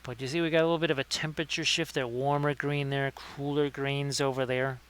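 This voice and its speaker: A man's voice: mid-range voice, level tone, fairly quick, a bit bright, clean tone. A man hosting a casual livestream painting tutorial, chatting with viewers by name between painting tips. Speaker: miniature painting streamer.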